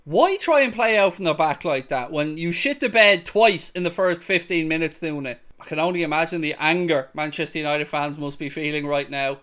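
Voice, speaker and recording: A young man reacting to football highlights, shifting from sarcastic mutters to loud whooping cheers. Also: brisk, hardly any pauses. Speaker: football fan reaction host. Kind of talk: excited match-highlights reaction commentary.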